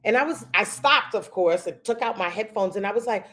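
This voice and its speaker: A woman from the Bronx, a co-host, telling a personal story in a lively way and raising her voice when she quotes people. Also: medium pitch, fairly quick, few pauses. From the Bronx, New York. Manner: animated storyteller, quotes others in a raised voice. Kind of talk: casual chat, telling a story.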